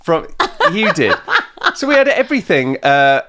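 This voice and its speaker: Brief: jokey male podcast co-host, casual, animated pitch, stop-start delivery. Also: normal speed. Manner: playful, jokey, hesitant restarts. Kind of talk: casual chat.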